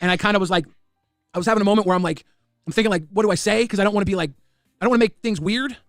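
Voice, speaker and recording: A man telling a story in a casual way, fast and full of repeated restarts. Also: high voice, dry recording, clean studio sound, faint music behind. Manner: rapid, repetitive restarts. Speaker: guest recounting drama.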